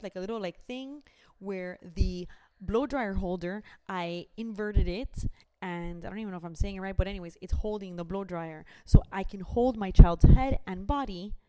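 A woman's voice: medium pitch, mellow. A young woman, chatting animatedly and dropping in Spanish phrases. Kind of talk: casual chat.

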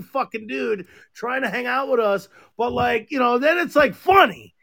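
A man's voice: very high-pitched, moderate pace, gravelly, few pauses, fairly bright tone. A man co-hosting a podcast, telling crude rambling stories in casual chat, swearing constantly. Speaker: podcast co-host.

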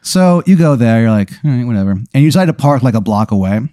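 A man's voice: medium pitch, very animated, quick pace, warm tone, no echo, clean studio sound. A man narrating an improvised role-play as game master, chatty and often laughing.

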